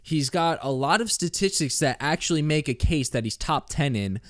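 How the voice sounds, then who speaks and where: A man's voice: on the high side, lively intonation, normal speed, no room sound. Guy hosting a podcast, chatty and arguing his side, dry close sound. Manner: chatty, argues his case with filler words. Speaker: podcast host. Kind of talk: casual sports chat.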